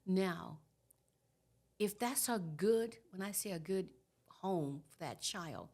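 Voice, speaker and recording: A woman in her sixties, a guest trauma educator, explaining in an animated conversational way and checking in with "okay?". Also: lowish voice, slow. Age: 60s. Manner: animated, tags points with "okay?". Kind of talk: conversational teaching.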